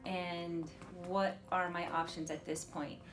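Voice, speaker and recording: A woman in her forties talking candidly, nervous and emotional, with halting speech. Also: fairly low pitch, little pitch movement. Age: 40s. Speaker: documentary subject. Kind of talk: candid conversation. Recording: background music over the scene.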